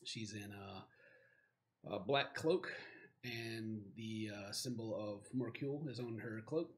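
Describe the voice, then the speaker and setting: A man's voice: on the low side, slow pace. A man narrating as game master of a tabletop game, rambling with lots of fillers.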